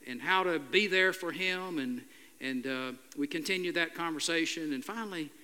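Older pastor preaching in an echoing hall. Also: male voice, fairly high pitch, sharp tone, clear, resonant tone. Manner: halting, earnest storytelling with frequent "uh" fillers. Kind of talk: sermon. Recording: long hall reverb.

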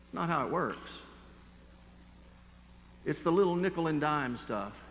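A male pastor delivers his sermon in a bright, fairly high voice. He moves between slow, weighty phrases and quick, chatty asides as he tells a story from his own life. His words ring out with a long church-hall reverb. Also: expressive, slight background noise. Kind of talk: sermon with personal anecdote.

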